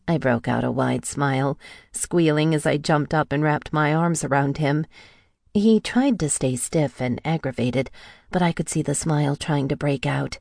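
A woman narrating a novel in the first person, with a steady storytelling read into a close mic. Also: sits low, moderate pace, vocal fry, dry recording. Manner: even storytelling read, lightly acting out the heroine's lines. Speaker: audiobook narrator.

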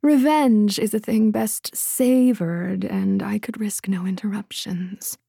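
A woman's voice: medium pitch, steady tone, slow, vocal fry, warm tone, slightly rough, dry recording, clean studio sound, full character voice. A woman voicing a vengeful female villain who taunts and hisses at her prey. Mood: menacing. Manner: taunting, hissing, singsong.

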